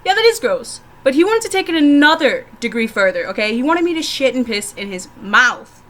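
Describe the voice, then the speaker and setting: A woman's voice: high voice, sing-song, brisk, fairly bright tone. A young woman vlogger telling candid stories to the camera, frank and profane, often laughing as she talks.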